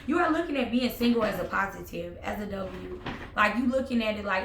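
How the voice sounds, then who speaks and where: Sassy tarot-reading woman, gravelly voice. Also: mid-range voice, fairly quick, roomy sound, a little hiss or hum. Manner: sassy, sarcastic, swearing, animated bursts of laughter. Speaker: tarot reader.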